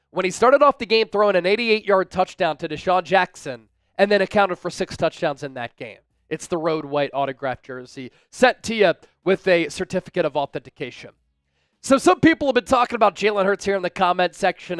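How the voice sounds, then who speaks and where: A man hosting a live football fan stream, keeping the energy high as he reads out viewer messages and previews the game. His voice sits high and comes through smooth and clean. It is close and dry on the mic. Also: no room sound. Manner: energetic, hype-driven, reads super chats aloud. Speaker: sports livestream host. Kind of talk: live fan-show commentary and chat shout-outs.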